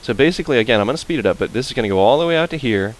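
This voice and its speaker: A man's voice: mid-range voice, lively intonation, racing, rough recording. A man giving casual, chatty commentary while playing a game, playful and prone to humming and repeating fillers. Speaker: let's play host.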